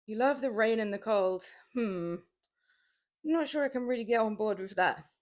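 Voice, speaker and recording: A woman's voice: on the high side, moderate pace. A young woman chatting with her live viewers between sets of a workout stream. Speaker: fitness streamer. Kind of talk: casual chat while working out.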